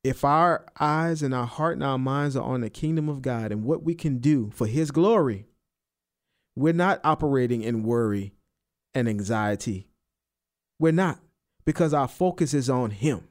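A man preaching a sermon, repeating and stressing key phrases and rising in pitch on the emphatic ones. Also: normal speed. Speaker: pastor.

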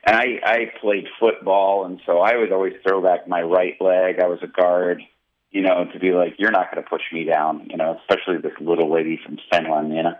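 A male pastor telling a personal testimony in an interview, animated and vivid. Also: low-pitched, a little fast, phone-quality sound. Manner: animated storyteller, acting out quotes.

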